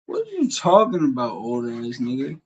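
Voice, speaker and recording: A man's voice: mid-range voice, wildly swooping pitch, moderate pace, darkish tone, dull audio. A man live-streaming, taunting someone with crude trash talk and insults. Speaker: livestreamer.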